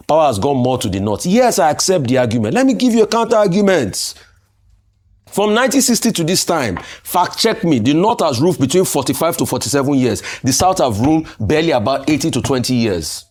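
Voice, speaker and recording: A man's voice: on the high side, a little mellow. A man with a Nigerian accent, arguing emphatically as a political commentator on a studio talk show. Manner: emphatic, argumentative, rhetorical questions.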